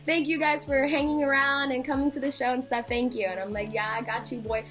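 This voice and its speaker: A woman's voice: high-pitched, level tone, fairly quick, hardly any pauses, a bit bright, soft background music. A young woman telling a story casually, full of "like" and acted-out quotes. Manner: chatty, fillers of "like", acts out quotes. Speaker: vlogger.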